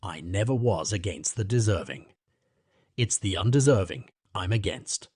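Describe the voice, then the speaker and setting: A man's voice: low-pitched, lively intonation, normal speed, a little mellow, slightly rough, no room sound, studio quality. A man reading the part of a blunt, grumbling older countryman in an audiobook. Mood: grudging.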